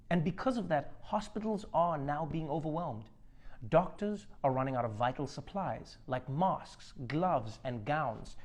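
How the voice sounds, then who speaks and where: A comedy host delivers a joking news monologue full of sarcasm and acted-out bits. His voice is slightly high and a little mellow.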